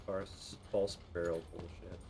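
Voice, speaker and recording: A man's voice: deep voice, flat delivery, slow, creaky, background noise. A young man streaming a video game, muttering to himself, swearing often and talking to the creatures on screen. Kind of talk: casual gameplay commentary.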